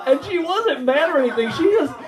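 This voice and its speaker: A man's voice: very high voice, rough recording. A man with an Australian accent doing a crude stand-up storytelling set at a warehouse comedy night. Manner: crude storytelling, acts out quoted voices. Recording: loud live crowd laughter.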